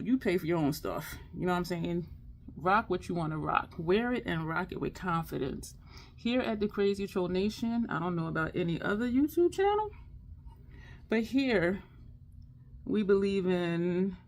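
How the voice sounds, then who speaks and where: A woman's voice: medium pitch, a little mellow. A woman hosting her makeup channel, chatting casually and upbeat while doing her look, speaking straight to her viewers in an affirming way. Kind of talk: casual makeup tutorial chat.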